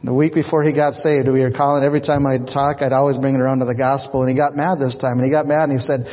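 A middle-aged man, a pastor, telling a personal story in a sermon, animated and acting out the voices of the people he quotes. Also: mid-range voice, fast, hardly any pauses. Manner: animated, acts out quoted voices, repeats words. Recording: dull echoey hall recording.

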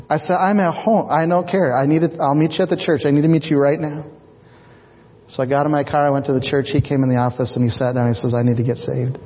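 A middle-aged man, a pastor, telling a personal story in a sermon, animated and acting out the voices of the people he quotes. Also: mid-range voice, fast talker, slight background noise. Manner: animated, acts out quoted voices, repeats words. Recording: dull echoey hall recording.

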